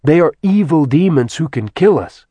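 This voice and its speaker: Testy, hungry demon woman, as a male reader puts her on, raised pitch, punchy delivery. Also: big pitch swings, moderate pace, mellow, husky, no echo. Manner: testy, blunt. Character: testy, hungry female demon, sister to the other.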